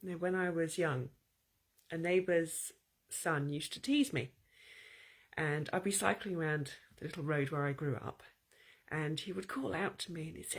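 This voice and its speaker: Woman host, soft breathy voice, calm reflective storytelling pace. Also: low voice. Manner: calm, storytelling, measured pauses. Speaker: podcast host. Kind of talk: reflective solo monologue.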